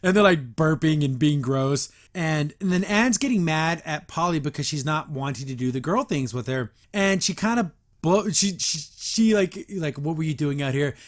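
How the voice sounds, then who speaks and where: Guy recapping a cartoon episode, chatty, laughs a lot, slightly high voice. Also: moderate pace, hardly any pauses. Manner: chatty, laughs often, lots of filler "like". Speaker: host. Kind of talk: casual episode review and recap.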